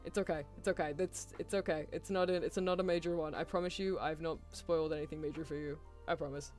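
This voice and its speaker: A young British woman streaming, her voice sitting a touch low for a woman. She chats casually in an animated, rambling way and laughs easily, with faint music underneath. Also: fast talker. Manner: chatty and animated, with frequent laughs and apologies. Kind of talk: casual chat.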